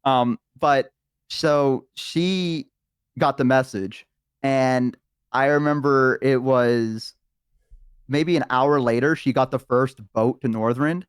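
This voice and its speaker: Young man, guest, rambling storyteller, mid-pitched, dry close mic. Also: slow pace, clear, resonant tone, dry recording. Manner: rambling, filler-heavy storytelling. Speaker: stream guest. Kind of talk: casual storytelling about a tabletop game.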